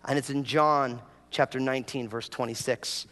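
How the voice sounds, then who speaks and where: A pastor from New York preaching a humorous sermon, telling stories with lively acted-out prayers. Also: male voice, mid-range voice, moderate pace. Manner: animated storytelling, acts out prayers in a raised voice. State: a bit dehydrated after travel. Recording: hall reverb.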